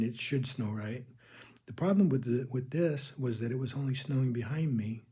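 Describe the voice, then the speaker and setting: A man's voice: medium pitch, dark tone, slightly rough. A man earnestly telling his personal faith testimony, rambling and calling his listeners "folks". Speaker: religious channel host.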